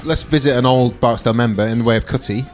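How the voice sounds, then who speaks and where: A man in his forties co-hosting a TV recap podcast, chatty and quick to laugh. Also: mid-range voice, faint music behind. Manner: chatty, laughs easily, jokey. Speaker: podcast co-host. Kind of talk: casual chat.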